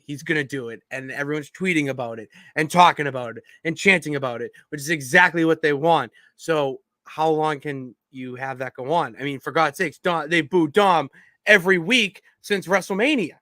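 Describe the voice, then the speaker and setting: A man's voice: a little high, sharp tone, dry recording. A man co-hosting a wrestling podcast, rambling casually and trailing off mid-thought. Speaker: podcast co-host.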